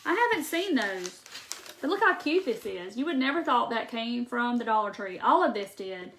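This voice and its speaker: A woman's voice: fairly high pitch, animated, moderate pace, a bit bright. A woman with a Mississippi accent, chatting casually as she hosts a live crafting video and gushes over her decor. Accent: Southern US, Mississippi. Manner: chatty, gushing, Southern drawl. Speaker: crafting host.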